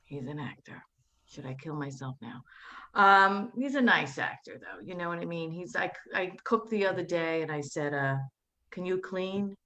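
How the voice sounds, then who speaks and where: New woman doing chatty stand-up. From Staten Island, New York. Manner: chatty, quick asides, mimics family in a flat low voice. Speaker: stand-up comedian. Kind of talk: stand-up set.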